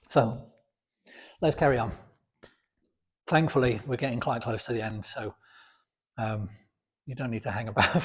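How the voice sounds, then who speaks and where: Speaking from his home gym, a British man with a sore throat chats casually to camera as a fitness vlogger. He is blunt and outspoken, full of fillers, and his mid-range voice has a breathy edge.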